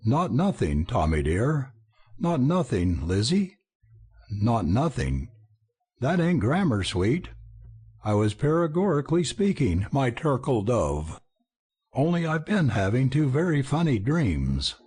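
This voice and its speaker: A man's voice: mid-range voice, sing-song, slow pace, darkish tone, slightly rough, exaggerated voice. A man voicing a frantic young frontier wife who talks in folksy slang with a drawl. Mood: coaxing.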